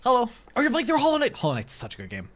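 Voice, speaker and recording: Talking straight to chat in rapid-fire bursts, this streamer offers casual, giggly, excitable commentary on a game in a mid-range voice.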